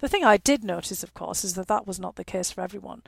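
A woman in her fifties with a Northeast English accent speaks in a gravelly voice, recorded dry and close. She answers an interviewer thoughtfully, filling her pauses with "you know" and laughing wryly now and then. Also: medium pitch, expressive, dry recording. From northeast England. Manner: reflective, frequent "you know" fillers, wry laughs. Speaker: guest.

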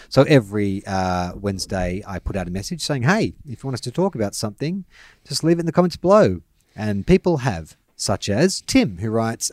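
A young Australian man co-hosting a loose sports podcast, his voice sitting fairly low. He pokes fun at himself, laughs easily and trails off into fillers. The sound is close and dry. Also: darkish tone, no echo. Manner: self-mocking, laughs often, trails off with fillers. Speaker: podcast co-host. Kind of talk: casual sports chat.

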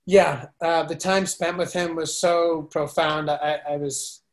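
A man speaks as a podcast guest, retelling his experiences in a lively, animated way. His voice sits a bit higher than most men's. He talks casually and often stops to restart a phrase. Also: measured pace. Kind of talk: casual storytelling interview.

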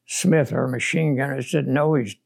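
An older man with a gravelly, rough-edged voice tells his war memories plainly and bluntly. He speaks as a veteran being interviewed for an oral history, matter-of-fact and unsentimental. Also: mid-range voice, fairly even intonation, moderate pace.

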